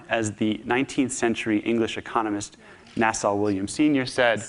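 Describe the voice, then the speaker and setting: A man giving a public talk, telling a story in an animated, humorous, conversational way. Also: medium pitch, moderate pace. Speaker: speaker.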